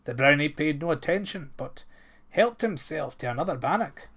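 A man reading an old folktale aloud as narrator, steady and expressive. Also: a little high, normal speed, husky.

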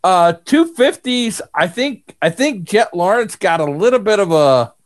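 High-pitched guy cracking jokes on a racing podcast, keeps restarting sentences. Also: animated, moderate pace. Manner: joking, teasing, stammering restarts. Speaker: co-host. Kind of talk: casual podcast chat.

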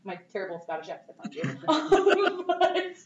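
A young woman telling a story in a bubbly, animated way, full of "like"s. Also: high voice, measured pace. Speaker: cosplayer guest. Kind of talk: casual storytelling. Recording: echoey, dull, distant mic with faint noise.

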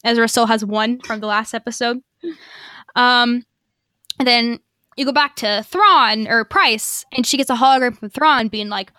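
A woman's voice: on the high side, unhurried, pushed and bright, dry recording, clean studio sound. A woman podcast co-host giving a casual, chatty episode recap, swearing freely and acting out quotes. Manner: chatty, profane, lots of fillers and acted quotes.

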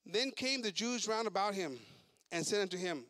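A man preaching a bilingual sermon, switching between English and Spanish, repeating words as he goes and building up to shouts. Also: high-pitched, expressive, moderate pace, dry recording, clean studio sound.

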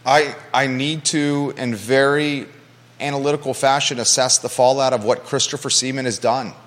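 A man's voice: medium pitch, fairly even intonation, moderate pace, fairly bright tone, in a large hall. A man hosting a live local talk show from a studio, passionate and emphatic, often repeating his key points.

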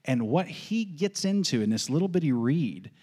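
A man preaching a sermon as pastor, emphatic and folksy, repeating questions and answers in a steady call-and-response rhythm. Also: on the high side, normal speed, husky. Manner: folksy asides with light laughs.

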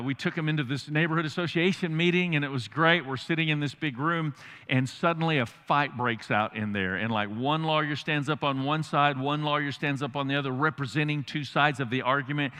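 Casting: middle-aged male pastor, folksy preacher, bright tone, long hall echo. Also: on the high side, clear, resonant tone. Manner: folksy, humorous, animated asides. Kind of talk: sermon.

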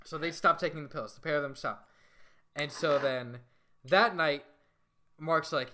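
A man's voice: on the high side, unhurried, pauses often, bright, forceful tone, a little hiss or hum. A man casually retelling a comic book plot with plenty of swearing, quoting the characters as he goes. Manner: profane, retells a comic with quoted voices. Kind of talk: casual storytelling. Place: indoor room with others nearby.

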